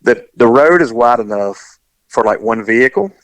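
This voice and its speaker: A man tells a story in casual chat, mid-pitched and animated, acting out each line of dialogue. The recording is close and dry, with no room sound. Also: normal speed, dry recording. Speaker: guest telling a story.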